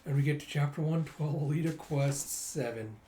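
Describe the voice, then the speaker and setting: A man casually recapping a comic story in an animated way, acting out the lines. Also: on the high side, moderate pace, slight background noise. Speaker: manga recapper. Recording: roomy echo.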